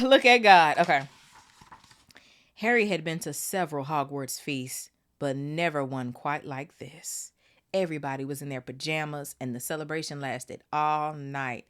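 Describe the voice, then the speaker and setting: A woman hosting a book club podcast, reading a novel aloud with animated, swearing asides. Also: deep voice, normal speed, smooth. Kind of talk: casual read-aloud with commentary.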